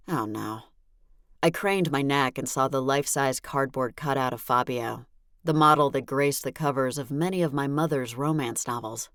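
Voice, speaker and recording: Low-voiced wry woman narrating. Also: normal speed, no echo, studio quality. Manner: wry, exasperated first-person telling. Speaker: audiobook narrator. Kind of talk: first-person scripted narration.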